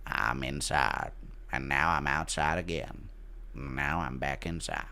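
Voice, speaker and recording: A man doing a deep, slow, solemn impression of an older male narrator. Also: gravelly, pushed and bright, full character voice.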